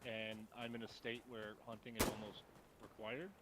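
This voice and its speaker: A man's voice: on the low side, little pitch movement, moderate pace, very noisy. A man from Minnesota chatting casually during a game, rambling and hesitant, with many fillers. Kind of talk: casual chat while gaming. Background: loud gunfire from the game.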